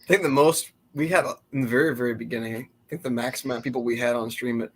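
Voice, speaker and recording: A man co-hosting a casual live stream chat, relaxed and chuckling as he recalls things. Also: mid-range voice, quick pace, breathy edge. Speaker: podcast co-host.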